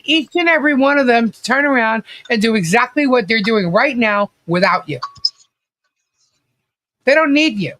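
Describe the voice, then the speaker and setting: A man's voice: extremely high pitch, big pitch swings, moderate pace, sharp tone. A man hosting a casual livestream commentary, blunt and ranting, swearing freely and reading out viewer chat comments.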